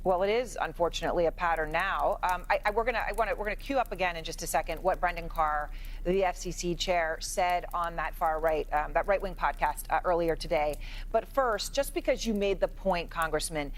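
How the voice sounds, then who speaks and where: A woman anchoring a broadcast news interview, speaking in a measured way as she explains and clarifies her points. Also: fairly low pitch.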